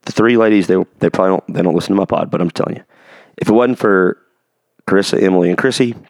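A man's voice: low voice, fast talker, darkish tone, no room sound, clean studio sound. A man hosting a podcast about fatherhood, talking earnestly in a rambling, casual way and often asking if it makes sense. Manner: earnest, rambling, asks for agreement. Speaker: podcast host.

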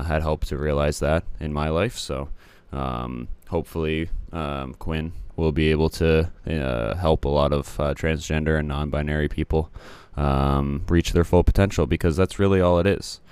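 Very deep-voiced man, casual rambling. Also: clean tone, no echo. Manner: rambling, many "uh" and "um" fillers, blunt asides. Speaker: commentator recapping sports results. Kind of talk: casual solo commentary.

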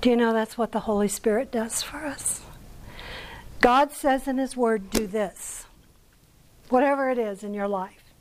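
In a Bible teaching talk to a church group, an American woman who leads a women's Bible study speaks in a high but darkish voice, slow and deliberate. Conversational in manner, she frequently stops to ask the audience something, then answers it herself. The recording is rough, with slight background noise.

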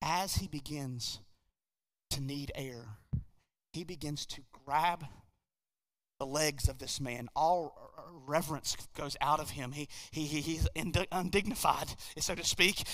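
A man preaching a sermon in a church, telling a story with animated energy and frequent restarts. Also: high-pitched. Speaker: pastor. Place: church sanctuary. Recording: long reverb of a church hall.

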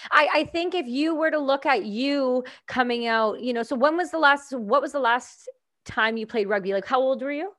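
Animated, swearing woman in casual chat. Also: high-pitched, moderate pace. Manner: animated, swearing, laughs often. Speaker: podcast guest.

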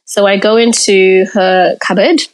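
A woman's voice: mid-range voice, steady tone. A woman from Africa, a podcast guest, telling her personal story in an interview in a candid, reflective way. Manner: candid and reflective, pausing to gather thoughts.

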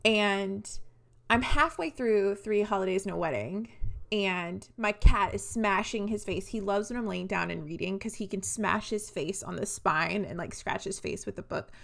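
Animated ranting young woman podcaster. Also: mid-range voice, normal speed, creaky. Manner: animated, ranting, swears freely. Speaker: podcast co-host. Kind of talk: casual book-club chat.

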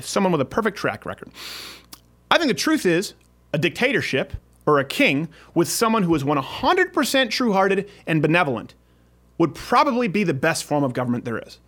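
A man's voice: fairly high pitch, very animated, a little fast, fairly bright tone. A man hosting a casual political talk show, talking in a sarcastic, rambling way with frequent restarts. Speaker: podcast host.

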